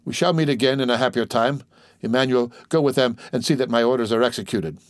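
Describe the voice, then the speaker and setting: A man's voice: mid-range voice, quick pace, no room sound, clean studio sound, natural voice. A man voicing a ruined middle-aged ship-owner who speaks formally and mournfully. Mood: grave.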